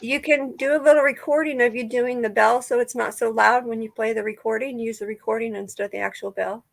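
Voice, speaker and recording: A woman co-hosting and moderating a casual livestream chat, calm and matter-of-fact. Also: fairly high pitch, fairly quick, creaky, no echo. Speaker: co-host and moderator.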